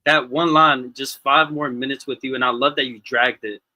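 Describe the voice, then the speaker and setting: A man's voice: medium pitch, steady tone, moderate pace, bright, forceful tone, no room sound. A man in casual chat at a listening party, gushing about a song and swearing playfully.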